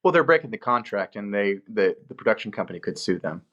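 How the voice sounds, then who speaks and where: A man's voice: on the low side, quick pace, highs cut off. A man, a film location manager, telling stories from work in a casual interview and acting out the people he quotes. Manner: animated storyteller, acts out quoted voices.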